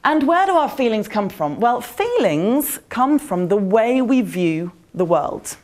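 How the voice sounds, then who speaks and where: A woman with a fairly high, slightly mellow voice speaks a little slowly but with great animation at a conference venue. Her motivational talk is conversational, and she puts questions to the crowd.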